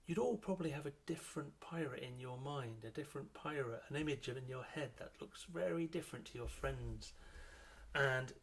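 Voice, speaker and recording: A middle-aged man, a children's author and illustrator, leads a drawing workshop for young kids, explaining each step as he sketches. His voice is mid-pitched and a little husky with a fairly bright tone. He keeps things chatty and unhurried, with lots of ums along the way.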